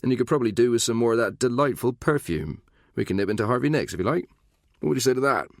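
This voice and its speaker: A man's voice: mid-range voice, expressive, fast, no echo, clean studio sound, voice pushed up. A man voicing a smug, patronising middle-aged official in an audiobook. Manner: patronising, smooth.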